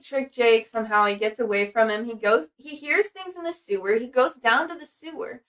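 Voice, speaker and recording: A woman's voice: high voice, pushed and bright. A young adult woman hosting a podcast, reading from notes in a rambling casual way, swearing freely and using many fillers. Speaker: podcast host. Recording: voice distant from the mic.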